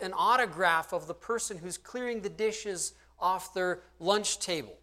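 A pastor in his thirties preaches a sermon in an earnest, conversational way, frequently putting rhetorical questions to his listeners. His voice is on the high side and a bit bright.

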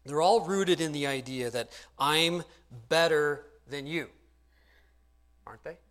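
A man's voice: a little high, a little slow, a bit bright. A man in his thirties preaching a sermon, earnest and conversational, often asking his listeners rhetorical questions. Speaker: pastor.

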